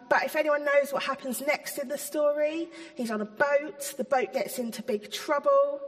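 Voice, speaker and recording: A woman with a fairly high voice gives a relaxed, conversational sermon, pausing often with ums. Her words ring out with a long reverb, as if she is speaking in a large hall. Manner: chatty, hesitant, many ums. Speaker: church speaker. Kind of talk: informal sermon.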